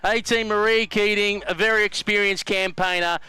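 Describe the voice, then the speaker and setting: A man's voice: sits high, fairly even intonation, normal speed, sharp tone, smooth, no echo, low-quality recording. A man co-commentating a live football match, giving player background with dry, teasing asides.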